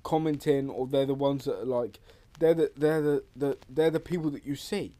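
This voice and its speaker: A man's voice: mid-range voice, moderate pace, warm tone. Rambling man co-hosting a podcast. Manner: rambling, restarts often, swears casually. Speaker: podcast co-host. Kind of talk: casual chat.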